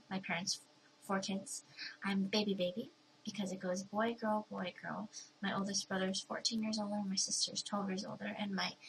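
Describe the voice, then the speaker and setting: A woman's voice: medium pitch, a bit bright, a little hiss or hum, poor audio. Chatty young woman vlogging a Q&A. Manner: chatty and bubbly, with playful voices for quoted people. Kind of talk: casual talking-to-camera Q&A.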